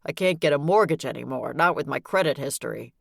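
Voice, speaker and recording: A woman's voice: low-pitched, expressive, a little fast, creaky, no room sound, clean studio sound, exaggerated voice. A woman voicing a tearful, guilt-ridden older man who talks in a shaky, pleading way. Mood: remorseful.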